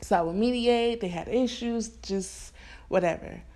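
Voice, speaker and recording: A woman's voice: a little high, unhurried, warm tone. A woman in her twenties from California telling a personal story straight to camera, frank and slangy, laughing often. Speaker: storyteller vlogger. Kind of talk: candid storytime monologue.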